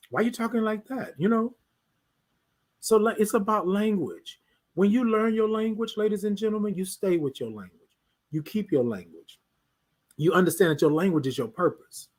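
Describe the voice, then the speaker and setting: High, lively husky-voiced man preaching. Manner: preachy, repeats rhetorical questions. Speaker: host of a live talk stream. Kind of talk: motivational live-stream talk. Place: at home.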